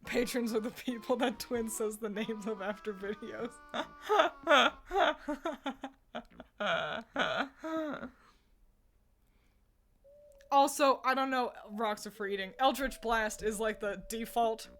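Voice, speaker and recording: A woman's voice: on the high side, slow, fairly bright tone. A woman streamer chatting casually with her viewers. She rambles and laughs often between thoughts. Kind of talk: casual livestream chat answering viewers.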